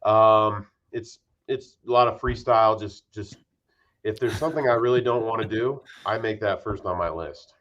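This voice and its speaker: A man from Utah, a guest on a casual podcast interview, talking in an easygoing, unhurried way. His voice sits fairly low, and it comes through on dull, lo-fi remote audio. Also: a bit bright, slight background noise. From Utah, USA.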